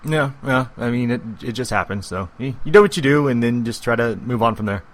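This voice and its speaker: A man's voice: mid-range voice, a little fast. A man, co-hosting a podcast in a laid-back, joking way. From Texas. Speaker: podcast co-host. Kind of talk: casual chat.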